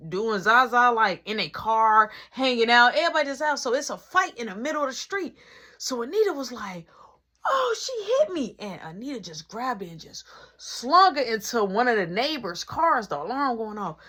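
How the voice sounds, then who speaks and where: A woman telling a fight story in a casual vlog, animated and dramatic, acting out sound effects. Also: fairly high pitch, moderate pace.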